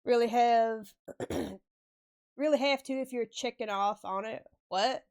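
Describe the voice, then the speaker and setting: Casual female streamer, smooth clear voice, laughs and swears freely. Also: a little high, slow, darkish tone. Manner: chatty, swears casually, laughs often, answers chat. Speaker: live-stream artist. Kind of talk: casual stream chat while drawing.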